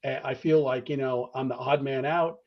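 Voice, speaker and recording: A man's voice: mid-range voice, steady tone, normal speed, muffled recording. Earnest man with many restarts. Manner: many restarts, tags points with "all right?"; earnest, acts out phone calls in quotes. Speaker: guest discussing fraternity membership. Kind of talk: conversational interview answers.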